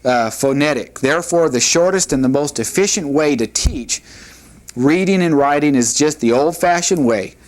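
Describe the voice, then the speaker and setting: A man teaching with steady explanations. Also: fairly high pitch. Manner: measured, explanatory, with frequent "uh" pauses. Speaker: Hebrew teacher. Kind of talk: recorded classroom lecture. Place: video lesson recording.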